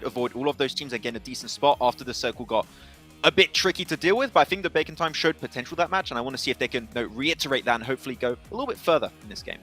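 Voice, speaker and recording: A man analysing team rotations at an esports desk, talking quickly and with energy. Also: mid-range voice. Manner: quick, lively breakdown of team play.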